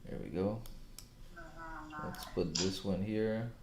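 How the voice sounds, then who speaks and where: A man's voice: on the low side, takes it slowly, gravelly, reverberant, noisy background. A man casually chatting with viewers as he works through charts on a live trading stream. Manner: casual, talks to viewers while working charts, slang-heavy. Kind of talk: live trading session chat.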